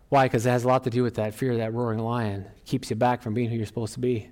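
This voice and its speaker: A middle-aged man preaching a sermon as pastor, animated and emphatic, often rising in pitch and volume. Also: rapid-fire, hardly any pauses. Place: church.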